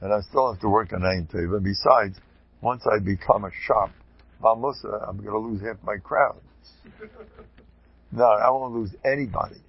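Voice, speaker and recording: Gravelly, husky man giving a rambling Torah talk. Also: fairly low pitch, moderate pace. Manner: animated, digressive, chuckling asides. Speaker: religious lecturer. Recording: dull lo-fi recording.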